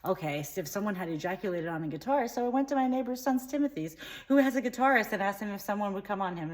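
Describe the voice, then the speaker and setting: A woman with a lowish, lightly acted voice plays a dim-witted, bigoted comedy character in a satirical monologue. She rambles, mishears words, and flits from tangent to tangent.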